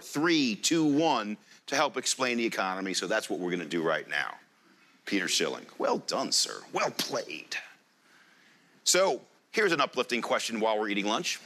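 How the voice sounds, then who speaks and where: A man's voice: mid-range voice, a little hiss or hum. A man giving a live presentation to an audience, joking and quizzing the room as he talks. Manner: jokey, lively presenter. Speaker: conference speaker.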